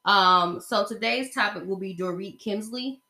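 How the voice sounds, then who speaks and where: A woman's voice: mid-range voice, a little slow, sharp tone, echoey room. A woman from the American South hosting a podcast, talking about reality TV in a blunt, chatty gossip style, with slang and lots of fillers. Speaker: podcast host. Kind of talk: casual gossip monologue.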